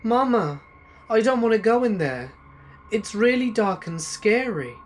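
A terrified small girl begs her mother in a high, pleading voice, as a male narrator puts her on. Her lines rise well above his usual pitch. She sounds fearful throughout. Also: big pitch swings, measured pace, full character voice. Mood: frightened.

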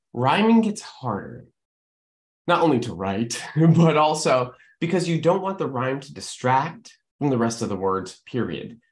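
A man who writes musical theatre, giving an emphatic lesson to camera and often checking in with the viewer. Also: medium pitch. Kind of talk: educational talk to camera. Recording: echoey room.

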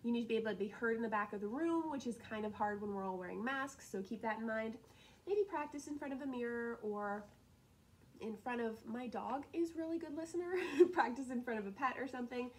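A woman teacher talking through class assignments in a casual, upbeat way, with frequent laughs and quick asides. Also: a little high, low-quality recording. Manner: chatty and upbeat, laughs often, drops into asides. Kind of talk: casual recorded lesson walkthrough.

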